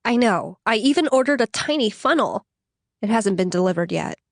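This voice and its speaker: Woman narrator doing an earnest, flustered young woman in mourning, pitched well above her own voice, apologetic and breathless, audiobook dialogue in a dry studio. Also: animated, normal speed, creaky, dry recording. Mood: tearful, flustered.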